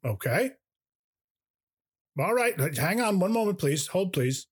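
Husky-voiced man hosting a comedy podcast. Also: high voice, sing-song, a little slow. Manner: mock-formal announcing, playful. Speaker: podcast host.

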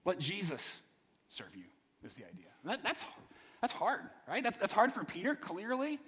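A man preaching a sermon in a conversational, animated way, often repeating words and asking the congregation questions. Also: sits high, normal speed, husky. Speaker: pastor. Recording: long hall reverb.

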